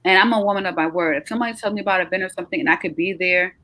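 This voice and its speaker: With a voice on the low side and no room sound, a middle-aged travel agency owner hosts a casual live chat. She's chatty, animated and encouraging, drawing out emphatic words, but sounds tired.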